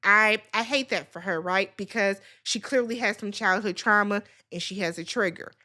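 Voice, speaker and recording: A woman's voice: medium pitch, moderate pace, pushed and bright. A woman hosting a reality TV recap, talking casually and bluntly, swearing freely as she gives her opinions.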